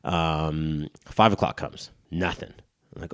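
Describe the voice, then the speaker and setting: A man's voice: low-pitched, brisk, no room sound, clean studio sound. A man in his thirties telling a long, rambling story on a podcast, mocking himself and swearing freely. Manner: rambling, self-mocking storyteller with crude humor. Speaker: podcast co-host. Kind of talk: casual storytelling chat.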